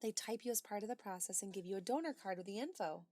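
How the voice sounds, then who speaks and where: A woman runs a livestream as a casual chat, reading viewers' messages aloud and answering with bright exclamations and quiet asides. Her medium-pitched voice is expressive and fast, with no echo.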